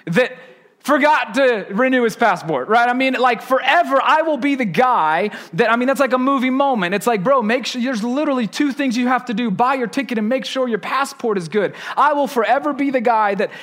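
A man, preaching a sermon through an animated, self-deprecating personal story. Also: extremely high pitch, brisk.

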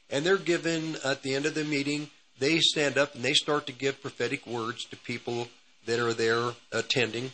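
Bright-voiced man telling a testimony. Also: mid-range voice, slight background noise, rough recording. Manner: rambling, repetitive, with restarts. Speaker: radio ministry host. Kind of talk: testimony storytelling.

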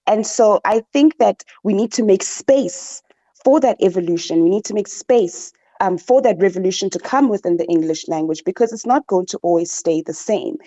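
A woman's voice: on the low side, dark tone, dry recording, highs cut off. A woman with a South African accent, a social and political commentator in a radio discussion, who often repeats words while she searches for her point.

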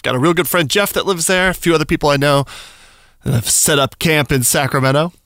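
A man's voice: on the high side, fairly quick, fairly bright tone, dry recording, studio quality. A man hosting a morning radio show, talking in an emotional, rambling way with sighs. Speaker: radio host. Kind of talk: casual morning radio chat.

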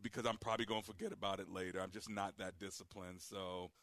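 A man calling into a radio show, chatting in a friendly, easygoing way with some halting restarts. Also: sits low, level tone, fairly bright tone, no echo. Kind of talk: casual phone-in chat.

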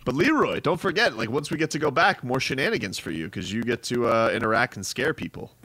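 A man's voice: mid-range voice, very animated, fast talker, sharp tone, husky, dry recording. A man hosting a sports radio show from home, chatting casually with wry, teasing banter.

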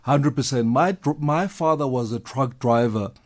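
A man's voice: mid-range voice, moderate pace, a little mellow. A man, a guest expert explaining things enthusiastically in a conversational interview. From South Africa.

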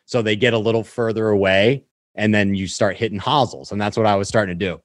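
Man, low voice, dry close sound, casual chat, clipped list-like recaps. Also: fairly even intonation, quick pace, no echo. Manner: rattles off shot-by-shot recaps in clipped fragments. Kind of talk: casual chat about golf.

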